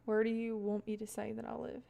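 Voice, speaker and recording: A woman's voice: fairly high pitch, monotone, fairly quick, creaky, mellow, a little hiss or hum. A young woman livestreaming, rambling casually to her chat with frequent laughs. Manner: chatty, rambling, laughs often, talks to chat.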